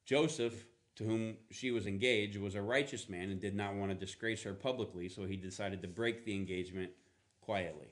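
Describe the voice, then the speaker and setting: A man preaching a sermon in a casual, animated storytelling manner, acting out playful voices. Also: lowish voice, moderate pace. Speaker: pastor.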